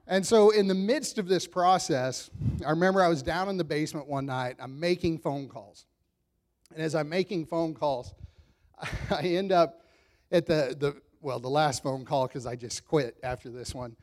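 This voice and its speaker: A man in his thirties preaching a sermon in a relaxed, conversational storytelling way, self-deprecating and chuckling often. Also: fairly high pitch, normal speed. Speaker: pastor.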